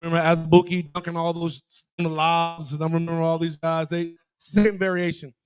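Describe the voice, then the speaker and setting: High-voiced man telling lively stories. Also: moderate pace, clean tone, no room sound. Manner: animated, acts out quoted voices. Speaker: former college basketball player and broadcaster, guest. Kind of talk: casual storytelling. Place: bar, live show.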